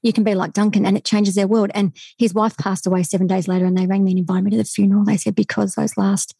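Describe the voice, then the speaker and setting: A woman's voice: medium pitch, gravelly, husky, no room sound. A woman, a body language expert, telling a story with energy as a guest over a remote call. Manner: fast, enthusiastic, animated storyteller. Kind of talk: storytelling podcast interview.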